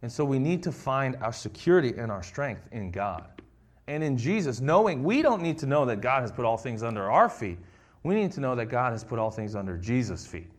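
A man's voice: medium pitch, very animated, fairly quick. A man preaching a conversational sermon, reading scripture and acting out the quoted lines.

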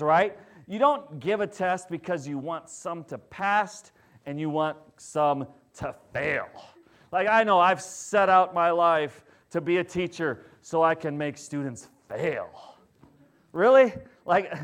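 This man preaches as a pastor, talking with his congregation in a conversational way and checking in with them often. Loud, emphatic moments give way to quiet, low stresses.

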